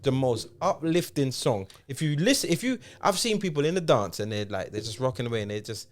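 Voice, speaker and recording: A man, co-hosting a DJ podcast in casual, animated chat full of slang and restarted sentences. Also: medium pitch, a little fast, a little hiss or hum. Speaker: podcast co-host. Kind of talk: casual chat among friends.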